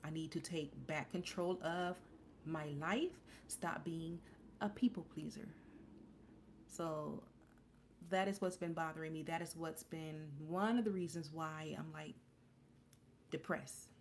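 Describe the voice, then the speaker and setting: A woman's voice: low-pitched, steady tone, measured pace, long pauses, a little hiss or hum. A woman in her forties hosting a casual live stream, talking candidly and rambling with restarts and fillers. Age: 40s. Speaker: livestream host.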